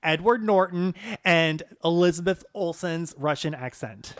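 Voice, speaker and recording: A man co-hosting a movie podcast in animated, profane casual chat, laughing often. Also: a little high, measured pace, no echo. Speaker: podcast co-host.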